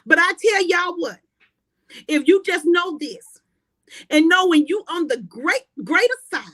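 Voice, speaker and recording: A woman speaking with fervent, preacher-like conviction on a faith talk show, repeating key phrases and building to shouts. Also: very high voice, lively intonation, measured pace, dry recording. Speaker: guest.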